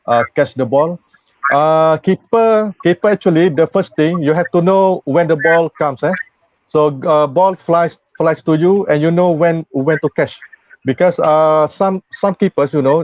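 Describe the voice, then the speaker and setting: Male panelist, broken halting speech, muffled call audio, dry. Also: a little high, no room sound. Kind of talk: casual panel discussion.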